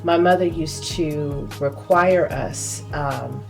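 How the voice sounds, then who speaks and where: A woman who grew up in California, a podcast guest telling a personal story in a lively, laughing way. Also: sits low, slow, vocal fry, soft background music. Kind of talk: casual storytelling.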